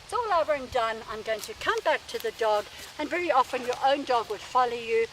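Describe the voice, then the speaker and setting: Woman, dog trainer, higher voice, calm teaching tone, noisy background. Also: brisk. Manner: calm, explanatory, with sudden sharp yelps. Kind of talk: instructional demonstration. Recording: background noise.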